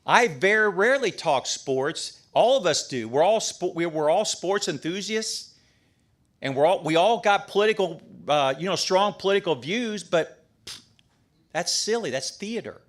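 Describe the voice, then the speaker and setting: A middle-aged priest giving a talk at a men's prayer breakfast, in a folksy, emphatic conversational sermon. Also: male voice, high-pitched, animated, moderate pace, a bit bright. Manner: folksy and emphatic, with restarts and asides.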